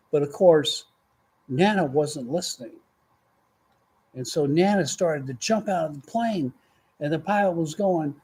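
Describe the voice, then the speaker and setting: Older grandpa rambling along, kinda high but mellow voice. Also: male voice, lively intonation, a little slow, husky. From Texas. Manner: rambling, folksy, meandering. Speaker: grandfather podcast host. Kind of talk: casual storytelling chat.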